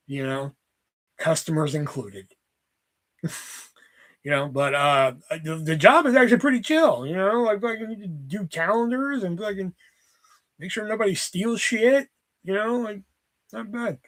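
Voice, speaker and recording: A man's voice: fairly high pitch, animated, moderate pace, pauses often, fairly bright tone. A man casually rambling through work stories on his livestream, swearing often and restarting sentences. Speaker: livestream host. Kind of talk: casual storytelling chat.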